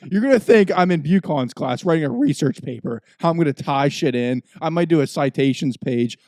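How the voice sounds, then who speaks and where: Young man, podcast host, profane rant, higher voice, very animated pitch, dry close mic. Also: brisk, dry recording. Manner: profane ranting storyteller, swings between mutters and outbursts. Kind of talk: casual chat.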